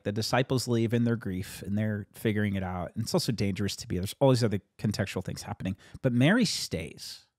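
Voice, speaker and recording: This male pastor talks about his sermon in a relaxed, chatty way, full of laughter and animated storytelling, his pitch jumping up as he quotes people. The sound is dry and studio-clean.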